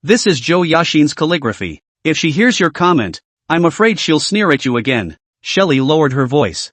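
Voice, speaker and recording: A man's voice: on the high side, sing-song, moderate pace, fairly bright tone, no echo. A man narrating a comic recap story, reading every part in the same voice.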